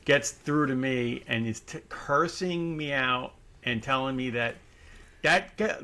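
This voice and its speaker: Man, podcast host, bright tense tone, mid pitch, casual storytelling. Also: takes it slowly. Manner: animated anecdote-telling with acted quotes.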